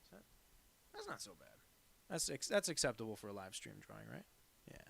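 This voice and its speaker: A man's voice: medium pitch, wildly swooping pitch, brisk, creaky, a bit bright, slightly rough. Chatty cartoonist man, rambling. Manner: rambling, self-deprecating, chatty asides. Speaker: cartoonist streaming a drawing session. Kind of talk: casual live-stream chat.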